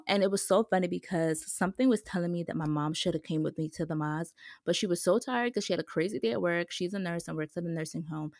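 A young woman talks on her podcast with a lowish voice, leaning heavily on "like" as she chats. She springs into lively retellings of what other people said. The sound is close and dry, with no room around her. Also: dry recording. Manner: chatty, heavy use of "like", animated when retelling others. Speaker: podcast host. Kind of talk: casual personal storytelling.

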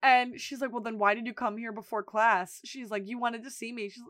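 A woman's voice: on the high side, fairly even intonation, a little fast, fairly bright tone, no room sound, clean studio sound. A woman co-hosting a podcast, animatedly retelling a TV episode and acting out the characters' lines in casual chat. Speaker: podcast co-host.

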